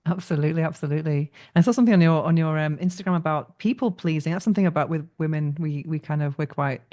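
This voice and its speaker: A woman's voice: sits low, fast, warm tone. A woman hosting a podcast interview, asking questions and giving brief encouraging replies. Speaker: podcast host. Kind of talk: casual interview.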